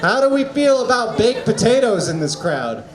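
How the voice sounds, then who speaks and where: A man doing open-mic stand-up in a small venue, with deadpan setups and quick impressions. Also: very high voice, echoey room, crowd noise. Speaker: stand-up comedian.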